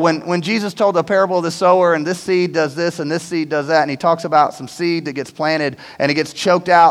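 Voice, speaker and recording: A man's voice: fairly high pitch, a bit bright, in a large hall. A male pastor giving a conversational sermon to his church, often checking in with "right?". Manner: conversational preaching, frequent "right?" tag questions. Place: church auditorium.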